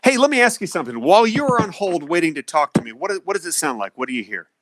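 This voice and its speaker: A man's voice: sits high, sing-song, very fast, a bit bright. A man hosting a call-in radio show from his home office, talking casually into a cell phone in an easygoing, jokey way and chuckling often.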